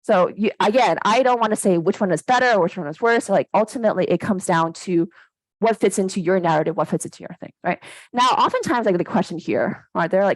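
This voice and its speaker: A woman in her thirties lectures in a conversational, energetic way, tagging her points with quick questions to the room. Her voice sits at a middle pitch and sounds dry and close. She swings up and down as she makes each point. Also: no room sound, poor audio. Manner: animated, conversational, keeps asking "right?". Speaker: academic workshop presenter. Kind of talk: casual lecture.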